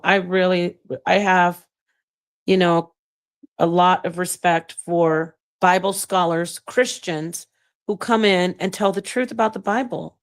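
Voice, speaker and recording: A woman's voice: on the low side, a little slow. A woman hosting her own channel, teaching on scripture in a casual, emphatic way, reading passages aloud and talking straight to her viewers. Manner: animated, emphatic, reads excerpts aloud and thanks viewers. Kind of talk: casual livestream-style teaching and commentary.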